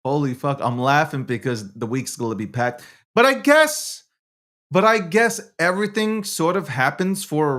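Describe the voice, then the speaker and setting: A man hosting his own show alone, talking brashly with lots of swearing, swinging from low muttering to loud ranting. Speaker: show host. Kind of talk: animated solo monologue.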